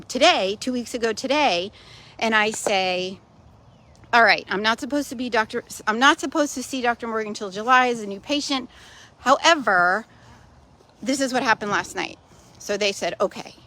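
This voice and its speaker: A woman's voice: mid-range voice, bright, forceful tone. A woman recording a casual personal video update, telling her story in a chatty, matter-of-fact way with wry humor. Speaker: vlogger sharing personal news.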